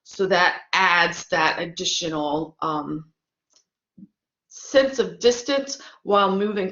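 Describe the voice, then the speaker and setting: A woman's voice: medium pitch, a bit bright. A woman teaching about her own sonnet, explaining rhyme and meter and tapping out the rhythm syllable by syllable. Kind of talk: lecture on poetic meter. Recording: echoey room, dull lo-fi sound.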